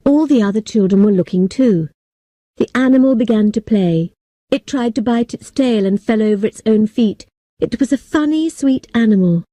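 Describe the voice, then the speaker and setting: Dark-voiced woman reading an audiobook. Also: on the high side, normal speed, no echo. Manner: clear and steady, for language learners. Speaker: audiobook narrator. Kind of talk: scripted narration.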